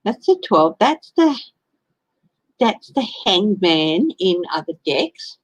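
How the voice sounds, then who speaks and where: A woman's voice: medium pitch, very animated, slow pace, husky, low-quality recording. A woman with an Australian accent doing a casual live-stream tarot reading, chatting and greeting viewers by name. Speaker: tarot reader.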